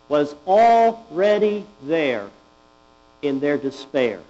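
A man preaching a sermon, deliberate and emphatic, often asking rhetorical questions. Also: mid-range voice, dark tone. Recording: dull lo-fi with mains hum.

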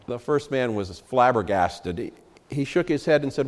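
Pastor preaching in a reverberant church. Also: male voice, medium pitch, animated, moderate pace. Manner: earnest, with many "uh" fillers. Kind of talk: sermon with scripture reading. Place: church sanctuary.

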